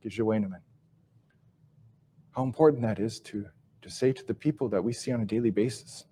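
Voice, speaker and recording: A man giving a live teaching talk and telling a story, speaking slowly and reflectively, repeating and restarting phrases, his sentences fading softly at the ends. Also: mid-range voice, slight background noise. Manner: slow, reflective delivery with soft, trailing phrase endings; repeats and restarts phrases while searching for words. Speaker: Ojibwe language teacher and speaker.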